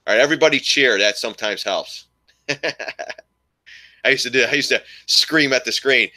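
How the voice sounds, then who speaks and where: A man's voice: medium pitch, lively intonation, moderate pace, bright, forceful tone, dry recording. A man giving casual live commentary on his stock trades, rambling and thinking aloud as he talks to his viewers. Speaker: stock trading streamer.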